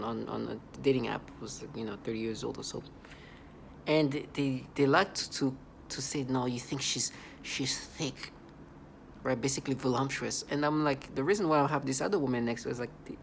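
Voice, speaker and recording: A man's voice: medium pitch, gravelly, a little hiss or hum. A man vlogging in a rambling, agitated monologue full of restarts and repeated words. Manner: agitated, repetitive, many restarts; laughs in disbelief.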